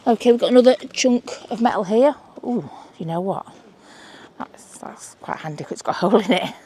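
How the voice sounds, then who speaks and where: A woman's voice: mid-range voice, expressive, brisk, dark tone, husky. Woman host, outdoor beach vlog, chatty and exclamatory. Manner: chatty, exclaiming over finds. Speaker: mudlarking vlogger. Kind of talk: casual chat while searching a beach.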